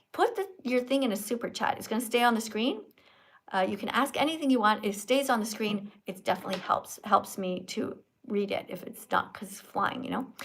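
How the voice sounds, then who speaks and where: A chatty woman from Canada hosts a live stream over a phone mic, speaking in a slightly high voice. She quizzes guests like a teacher, animated and talkative. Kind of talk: casual live stream chat with viewers.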